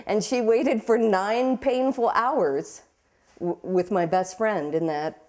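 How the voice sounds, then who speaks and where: A young woman recounting a personal ordeal, halting and repeating words, emotional but steady, with rueful laughs. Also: mid-range voice. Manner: halting, repeats words while searching for them. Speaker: interviewee. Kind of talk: personal storytelling.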